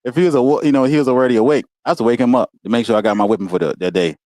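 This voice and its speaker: A man telling stories about his school days in a relaxed, casual way, often laughing and saying "you know what I'm saying". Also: mid-range voice, rapid-fire, no room sound. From Walterboro, South Carolina. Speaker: guest. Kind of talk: casual storytelling. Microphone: video call.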